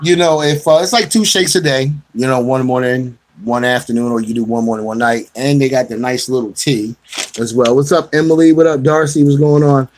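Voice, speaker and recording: A man's voice: medium pitch, fairly quick. A middle-aged man hosting a casual radio show, loose and joking, talking straight to listeners. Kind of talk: casual internet radio chat.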